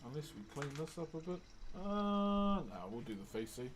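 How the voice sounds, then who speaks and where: A man in his thirties with a New Zealand accent, chatting casually to his livestream chat in a relaxed, slangy way while he carves wood. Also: fairly high pitch, moderate pace, faint music behind. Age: 30s. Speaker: wood carver streaming live.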